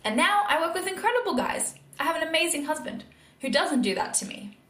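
A woman's voice: very high-pitched, sing-song, brisk, a bit bright. Earnest woman talking faith, echoey room. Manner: earnest, candid, laughs often; acts out her own past thoughts in quoted asides. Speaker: podcast host. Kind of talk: faith-based podcast monologue.

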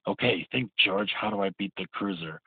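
A man's voice: fairly low pitch, fairly quick, slightly rough, no room sound. Man doing an older author muttering schemes. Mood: scheming. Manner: muttering, plotting to himself. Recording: tinny phone-like sound.

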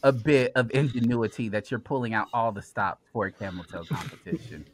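A man, a podcast guest, trading casual banter with loud, animated exclamations. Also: on the low side, a little fast.

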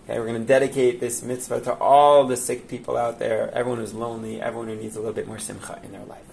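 A man's voice: mid-range voice, fast talker, creaky, a little hiss or hum. A man teaching a classroom Torah lesson, guiding his listeners emphatically and checking in with them as he goes. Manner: animated and emphatic, coaxing a group along with frequent "okay?".

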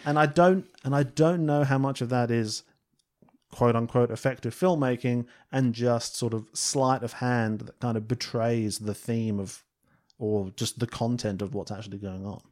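A man's voice: medium pitch, fairly even intonation, moderate pace, darkish tone. A man co-hosting a podcast, talking in a rambling, casual way with many fillers and frequent laughs. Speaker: podcast co-host. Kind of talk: casual film discussion chat.

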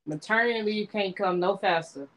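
A man's voice: high-pitched, moderate pace, voice pushed up, lightly acted, low-quality recording. Man putting on a fed-up pregnant woman. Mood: exasperated. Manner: exasperated, dismissive.

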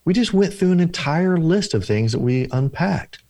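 A man's voice: fairly high pitch, expressive, moderate pace, warm tone, no echo. A man, a deliverance minister and counselor, telling stories in an interview in an earnest, repetitive preaching cadence. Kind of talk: interview storytelling.

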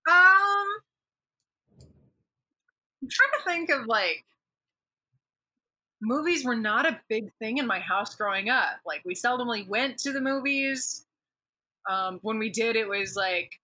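A woman's voice: fairly high pitch, takes it slowly, pauses often, pushed and bright. A woman co-hosting a casual podcast, chatty, swearing freely and filling her talk with "like.". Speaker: podcast co-host. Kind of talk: casual chat.

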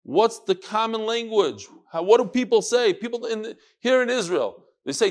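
A man leads a lively Talmud class, peppering his students with questions. His voice sits fairly high for a man, and he moves energetically through each point. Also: fairly quick, hardly any pauses. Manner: lively, questioning, mixes Yiddish and Hebrew terms. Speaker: Talmud teacher. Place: classroom or study hall with students.

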